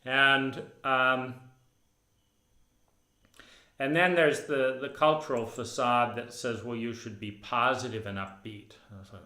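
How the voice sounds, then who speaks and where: Sarcastic guy therapist ranting alone, bright edgy voice, roomy echo. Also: medium pitch, steady tone, measured pace. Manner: sardonic, acts out weary inner voices. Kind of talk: monologue.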